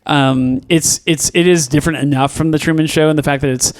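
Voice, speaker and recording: Speaking fairly quickly in a clear, resonant voice that's on the high side with fairly even intonation, a podcast co-host chats casually in a review episode. His talk wanders through fillers and restarts, and he laughs easily.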